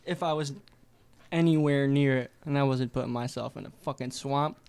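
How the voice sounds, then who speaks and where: A man's voice: mid-range voice, steady tone, moderate pace, darkish tone, clean tone. A man in casual podcast chat, talking emphatically and calling everyone dude. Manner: emphatic, keeps saying dude.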